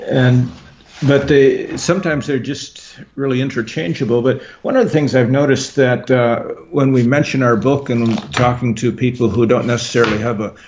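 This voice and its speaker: Gravelly guy, halting, lots of uhs, dull muffled audio. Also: medium pitch, fairly even intonation, darkish tone, slight background noise. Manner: halting, many uh fillers and restarts. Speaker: guest author. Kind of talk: casual interview chat. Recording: dull lo-fi sound.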